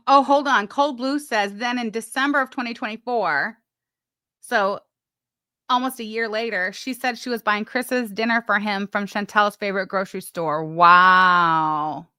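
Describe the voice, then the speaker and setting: A woman's voice: mid-range voice, a little slow, pushed and bright, clear, resonant tone, no room sound, clean studio sound. A woman hosting a casual live stream, chatting, reading messages aloud with mock drama and swearing freely.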